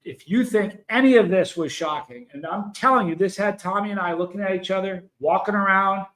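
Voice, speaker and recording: A man's voice: high voice, fairly quick, a bit bright, low-quality recording. A man hosting a livestream in a casual, emphatic way, telling a story and speaking directly to viewers in the chat. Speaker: livestream host.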